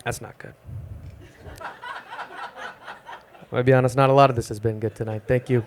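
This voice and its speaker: A young man doing a self-deprecating, deadpan stand-up set at an open mic in a small music club. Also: medium pitch, a little fast, a little hiss or hum. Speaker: stand-up comedian.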